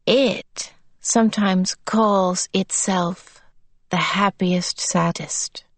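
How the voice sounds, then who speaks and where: A woman voicing a cold, sinister little boy under a possessing mind, speaking in a flat, monotonous way. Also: mid-range voice, slow, dry recording. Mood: menacing.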